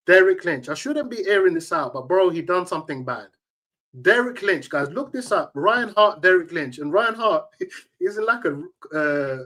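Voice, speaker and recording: A man's voice: high-pitched, fairly bright tone. A man, a tournament organizer telling emphatic, slang-heavy stories as an interview guest. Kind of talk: casual interview storytelling.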